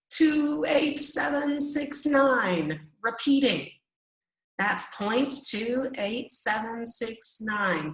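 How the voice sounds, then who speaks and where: Woman math teacher, slow and reassuring, drawn-out repetitions, echoey room. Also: mid-range voice, fairly bright tone. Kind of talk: recorded online math lesson.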